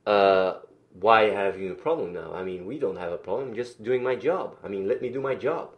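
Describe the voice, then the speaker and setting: A man telling a story on a livestream, animated, swearing, often restarting his sentences. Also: fairly low pitch, normal speed, muffled recording. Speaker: streamer.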